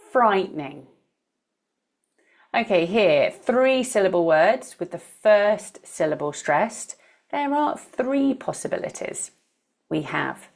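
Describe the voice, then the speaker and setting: A woman teaching English with a British accent, reading each word out slowly and clearly and stressing its syllables in a pronunciation drill. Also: fairly low pitch.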